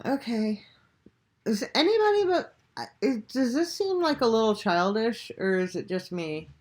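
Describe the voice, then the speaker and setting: A woman's voice: a little high, sing-song, normal speed. A woman hosting a reaction video, talking casually and bluntly, with swearing and rhetorical questions. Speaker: reaction channel host.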